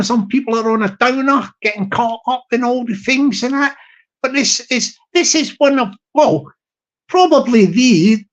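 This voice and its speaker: A man's voice: very high-pitched, dull audio. Upbeat rambling man. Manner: upbeat, rambling, repeats words. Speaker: live-stream host. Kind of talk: rambling live-stream shout-outs.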